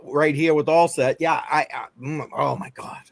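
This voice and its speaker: A man's voice: fairly high pitch, fairly even intonation, normal speed, gravelly. A man hosting a casual live stream, agreeing readily and reading out chat comments. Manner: affirming, reads out chat comments. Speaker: host.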